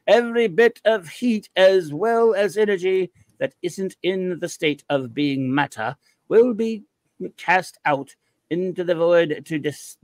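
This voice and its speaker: A man with a high voice co-hosts a casual chat show, reading viewer comments aloud in a playful way. The sound is dry and close to the mic, with no room around it. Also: dry recording. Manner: playful, slips into a mock posh butler voice.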